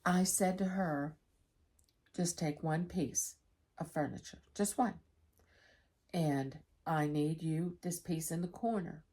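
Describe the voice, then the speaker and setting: A middle-aged woman with a slightly low voice talks candidly to her viewers in a relaxed, chatty way. She tells everyday stories frankly and directly, as if speaking to friends. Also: slow pace, pauses often, breathy edge. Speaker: vlogger. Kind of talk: casual chat to camera.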